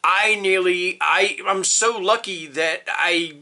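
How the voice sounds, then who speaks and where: Man, middle-aged, high voice, casual book talk, rambling, emphatic, openly emotional. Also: takes it slowly, pushed and bright. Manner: rambling, emphatic, frequent "all right?" and "okay?" checks. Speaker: book reviewer. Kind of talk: casual booktube tag video.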